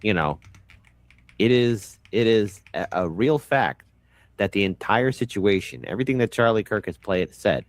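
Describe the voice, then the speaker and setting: Animated man hosting a live stream. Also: lowish voice, normal speed, dry recording. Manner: rambling, animated, repeats words. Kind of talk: live reaction commentary.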